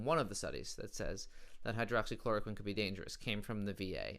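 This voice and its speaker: A man's voice: on the low side, fairly bright tone, clear, resonant tone. A man hosting a late-night comedy show, delivering a sarcastic, mocking monologue.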